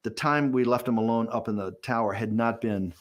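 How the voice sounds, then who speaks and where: A man being interviewed, telling a behind-the-scenes story in an animated way, with lots of restarts and repeated words. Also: medium pitch. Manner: rapid, animated storyteller, acting out quotes and chuckling. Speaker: interviewee, political strategist.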